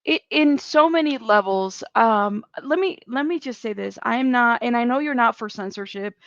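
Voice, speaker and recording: A woman's voice: a little high, moderate pace, a bit bright, no room sound, lo-fi sound. A woman working as a social worker, joining by remote call and earnestly explaining with many fillers. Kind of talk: casual call-in conversation. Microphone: remote call audio, not on camera.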